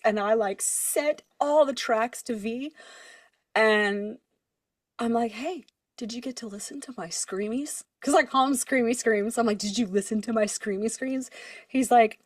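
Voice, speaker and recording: A young woman, a singer, co-hosting a podcast in casual chat, telling stories with lively acted-out quotes and frequent laughter. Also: on the high side, moderate pace, no echo, studio quality. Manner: animated storyteller, acts out quotes, laughs often.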